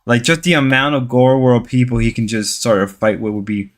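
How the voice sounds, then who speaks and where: A man's voice: mid-range voice, steady tone, fairly quick. A man chatting casually on a stream, musing aloud and repeating his points.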